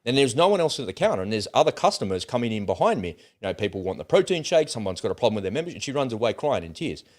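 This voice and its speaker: A middle-aged man, hosting his own channel and telling a story in a blunt, animated way. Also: medium pitch, rapid-fire. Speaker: host of political commentary channel. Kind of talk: casual opinionated monologue.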